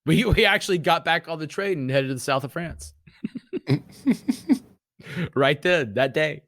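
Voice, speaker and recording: A man's voice: a little high, unhurried, no echo. Dry-sounding man swearing through a story. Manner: profane, rambling, animated retelling. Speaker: podcast guest. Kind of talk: casual storytelling.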